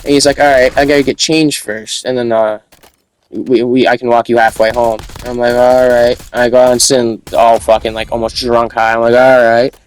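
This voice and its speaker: A young man tells a story in a loose, casual monologue. He rambles, repeats himself and restarts his sentences, and his slangy talk sits at a middle pitch for a man. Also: little pitch movement, a little fast, low-quality recording.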